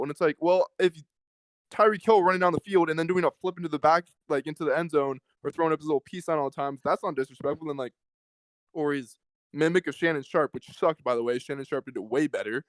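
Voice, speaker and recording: Rambling young man, smooth clear voice. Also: on the high side, fast, dry recording, low-quality recording. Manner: rambling, swears, mimics others. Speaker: podcast co-host. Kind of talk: casual chat.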